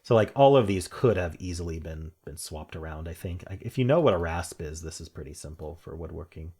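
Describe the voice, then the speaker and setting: Man, low husky voice, muses aloud while solving puzzles, self-amused chuckles. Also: animated, a little fast, mellow. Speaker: puzzle game streamer. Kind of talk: casual solo commentary while solving puzzles.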